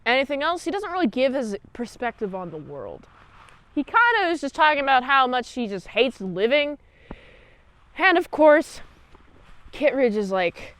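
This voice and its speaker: A woman's voice: high-pitched, sing-song, moderate pace, a bit bright, clean tone, no room sound. A woman hosting a casual recap and review, rambling and jokey with lots of asides and "like"s. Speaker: show host, episode reviewer.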